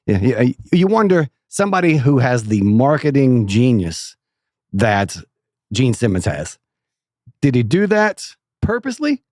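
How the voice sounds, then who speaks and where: A man's voice: mid-range voice, big pitch swings, unhurried, darkish tone, no echo, clean studio sound. A man co-hosting a podcast in casual chat, a musician given to joking banter. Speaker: podcast co-host and rock musician.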